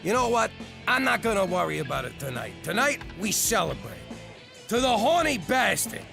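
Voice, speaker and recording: A man voicing a blustery middle-aged mob father in a cartoon, exasperated, who shouts and then gives in to his daughter. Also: high voice, sing-song, a little fast, gravelly, music in the background, full character voice. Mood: celebratory. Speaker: strip club co-owner and father.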